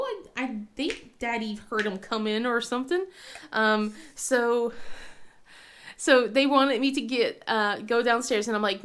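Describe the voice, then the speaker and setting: A woman in her thirties with a slightly high voice tells casual stories. She is getting over a cold and laughs often. Now and then she puts on her children's voices. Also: measured pace, a bit bright. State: sick with a cold. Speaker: crafting vlogger. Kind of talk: casual chat.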